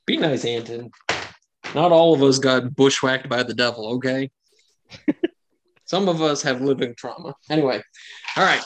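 A man runs a tabletop game as its game master, narrating the scene at an ordinary mid pitch. He talks in a chatty way, full of fillers, and laughs often. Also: measured pace, long pauses.

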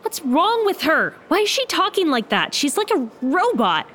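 An actress playing an earnest, exasperated young woman trapped in a magic bag, quick to protest. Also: high voice, sing-song, fairly bright tone.

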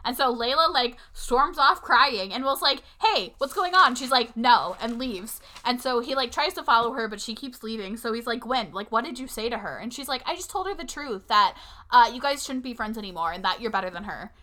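Young female co-host, high pitched, acts out quotes, casual animated storytelling. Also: a little fast. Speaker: podcast co-host recapping a film. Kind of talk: casual chat.

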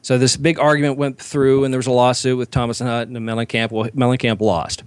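A man's voice: mid-range voice, flat delivery, quick pace, clean tone, dry recording. A man co-hosting a casual podcast, telling long rambling anecdotes and acting out the people in them. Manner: rambling anecdotes, acts out quoted voices loudly. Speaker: podcast co-host. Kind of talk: casual storytelling chat.

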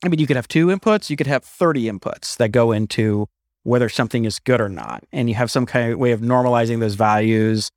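A man's voice: mid-range voice, fast, no echo, clean studio sound. A man co-hosting a podcast, telling stories in casual chat with emphatic bursts and frequent restarts. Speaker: podcast co-host.

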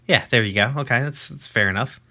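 Bright-voiced man in his thirties rambling casually. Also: medium pitch, a little fast. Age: 30s. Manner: rambling and profane, with frequent fillers and restarts. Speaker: podcast host recapping episodes. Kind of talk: casual chat.

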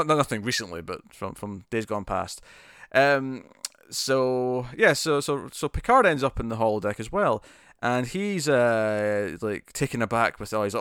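A man's voice: lowish voice, a bit bright, clean tone, no echo, clean studio sound. A man co-hosting a casual podcast, recapping a TV episode with frequent laughs and restarts. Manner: laughing often, rambling with restarts. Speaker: podcast co-host. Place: home room with a cat.

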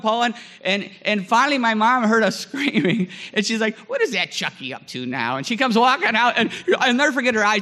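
A man in his forties telling a lively story in a sermon, acting out scenes with many fillers. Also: sits high, big-room sound. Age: 40s. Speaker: guest chapel speaker.

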